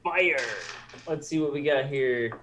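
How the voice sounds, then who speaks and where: Hesitant male player, slightly high voice. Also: animated, moderate pace, crowd noise. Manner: hesitant, many ums. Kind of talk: casual tabletop play.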